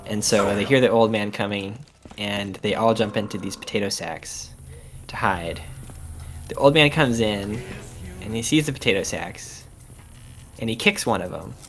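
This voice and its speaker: Lower-voiced man retelling a joke. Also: moderate pace. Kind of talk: casual chat retelling a joke.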